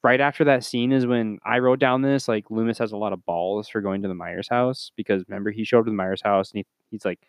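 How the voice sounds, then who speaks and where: A man co-hosts a casual movie review podcast, swearing and exasperated as he recaps the plot and mimics characters in high voices. His tone is steady and fast with hardly any pauses, and the recording has no room sound.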